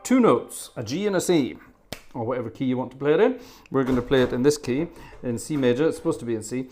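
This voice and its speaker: A man's voice: medium pitch, animated, quick pace, a little mellow. Older guy chatting between organ tunes, self-deprecating, rambles, little chuckles, faint organ music behind. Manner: playful storyteller, puts on little voices. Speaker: organist hosting a livestream. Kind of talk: casual chat between pieces.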